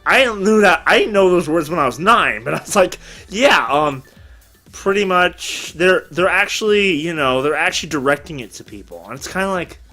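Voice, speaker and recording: A man hosting a casual chat, rambling through stories with crude humor. His voice sits high and bright and swings widely in pitch. Faint music plays in the background. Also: normal speed. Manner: animated storyteller, rambling, crude jokes. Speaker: podcast host.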